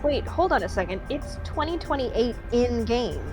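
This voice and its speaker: A woman's voice: a little high, lively intonation, normal speed, over music. A woman co-hosting a let's-play podcast, reading a game's narration and making sarcastic asides. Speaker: podcast co-host.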